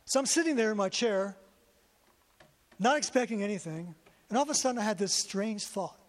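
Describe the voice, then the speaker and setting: Sitting high and sounding animated, a man's voice moves fairly quickly through a testimony preached to his congregation. His storytelling is emotional and repetitive, and the recording carries long hall reverb.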